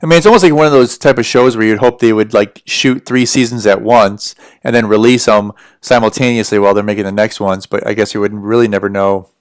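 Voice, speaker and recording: A man's voice: fairly low pitch, steady tone, fairly quick, few pauses, no echo, clean studio sound. A man from the United States with a general American accent, rambling casually as he chats to viewers on a livestream. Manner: rambling, chatty, answers viewer questions. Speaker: livestream host.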